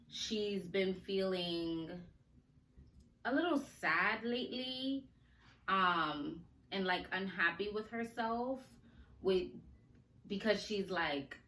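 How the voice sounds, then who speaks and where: A woman hosting a casual podcast, chatty and animated, laughing often and talking to listeners in slang, her speech a little slurred from a sore mouth. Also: mid-range voice. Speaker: podcast host. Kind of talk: casual chat. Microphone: recorded on video for a podcast. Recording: roomy echo, faint ambience.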